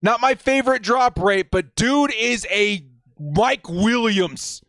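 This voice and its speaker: A man hosting a live stream, reacting with hype, shouting and whooping, and reading out viewer messages. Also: sits high, slow, dry recording, clean studio sound.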